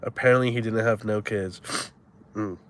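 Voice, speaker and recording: A man's voice: lowish voice, steady tone, normal speed, a little hiss or hum. A man in his twenties chatting casually on a live stream in loose, crude, slang-heavy banter. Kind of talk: casual chat.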